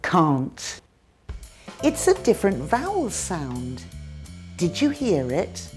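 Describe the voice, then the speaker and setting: British woman, English teacher, unhurried, clear exaggerated modelling of words. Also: lowish voice, huge pitch swings, mellow, soft background music. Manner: careful, exaggerated demonstrations of sounds. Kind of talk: scripted pronunciation lesson.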